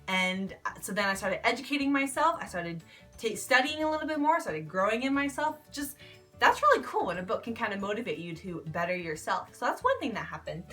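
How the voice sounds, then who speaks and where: A woman's voice: mid-range voice, sing-song, brisk, bright, forceful tone, soft background music. A woman in her twenties, talking casually and with bubbly enthusiasm in a book review vlog. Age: 20s.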